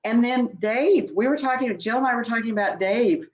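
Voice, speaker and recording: A woman's voice: a little high, normal speed, highs cut off. Older woman reminiscing in an echoey room. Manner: heartfelt, meandering, with many restarts. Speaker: senior sales director. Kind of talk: reminiscing conversation.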